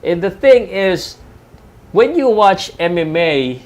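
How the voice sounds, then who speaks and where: A man's voice: high-pitched, sing-song, slow, a little mellow. A man from the Philippines, a professional commentator, chatting loosely about boxing and MMA on a live stream, with many fillers and restarts. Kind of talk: live fight-night talk.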